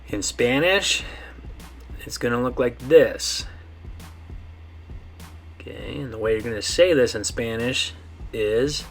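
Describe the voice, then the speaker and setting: A man teaching a pronunciation lesson, saying each model word slowly and checking in often with the class. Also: medium pitch, soft background music. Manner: slow, drawn-out model words with frequent "okay?" checks. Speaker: Spanish teacher.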